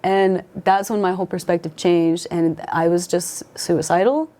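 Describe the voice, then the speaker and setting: Young woman w a low mellow voice, talking thru her story, lots of likes n restarts, gets emotional. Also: steady tone, moderate pace. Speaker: guest sharing her life story. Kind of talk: casual conversational storytelling.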